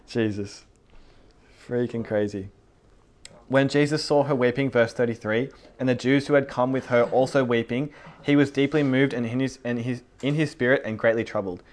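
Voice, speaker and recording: Man, Bible study teacher, reads scripture aloud, animated, laughs often, casual. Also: mid-range voice, a little slow.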